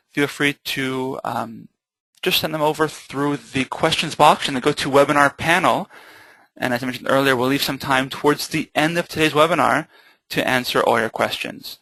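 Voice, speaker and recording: A man's voice: fairly high pitch, normal speed, vocal fry, pushed and bright, no echo, poor audio. A man hosting a webinar, introducing the guest speaker in an upbeat way with frequent fillers. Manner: upbeat, many filler ums and uhs. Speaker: webinar host.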